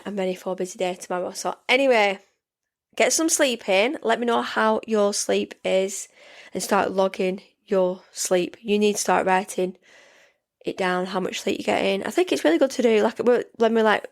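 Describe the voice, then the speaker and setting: Her voice is medium-pitched and creaky: a podcast host in her forties, alone on a casual show. Sleepy and yawning, she chats in a rambling way, restarting often and filling gaps with "yeah."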